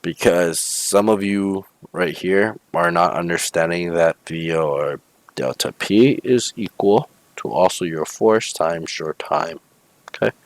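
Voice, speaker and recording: A man's voice: low-pitched, measured pace, no echo. A male physics teacher talking through homework problems step by step, often checking in with "okay?" and "right?". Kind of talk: homework walkthrough lesson.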